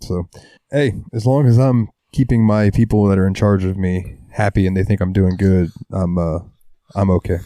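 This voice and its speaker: A man's voice: low-pitched, fairly even intonation, moderate pace, dark tone, dry recording. Laid-back young man with a strained voice. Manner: laid-back, swearing, throat-clearing. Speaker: podcast co-host. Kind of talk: casual chat.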